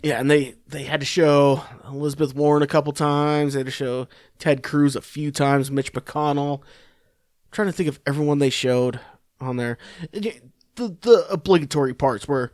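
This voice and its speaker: A man's voice: fairly high pitch, normal speed, a little mellow, dry recording, studio quality. A man hosting a podcast, giving rambling, sarcastic political commentary full of swearing and restarts. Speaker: podcast host.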